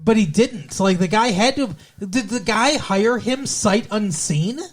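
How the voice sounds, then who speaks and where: Man, podcast co-host, casual chat, animated, profane, lots of fillers, somewhat high voice. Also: unhurried. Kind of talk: casual chat recapping a TV show.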